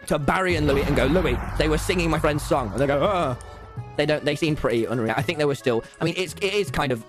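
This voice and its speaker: A young British man telling a story on his stream, excitable and swearing often, acting out both sides of each exchange. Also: on the high side. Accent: British English. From England. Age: young adult.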